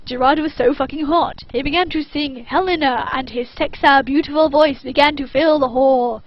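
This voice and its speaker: A woman reads fan fiction aloud in a deadpan, mock-serious way. Her voice is high. The recording is muffled and lo-fi. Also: normal speed, no room sound. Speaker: reader. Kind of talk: dramatic reading of fan fiction.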